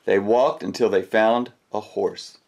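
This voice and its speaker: A man reading picture books aloud to children in a gentle, expressive storybook manner. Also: on the low side, a little slow, creaky, highs cut off, a little hiss or hum.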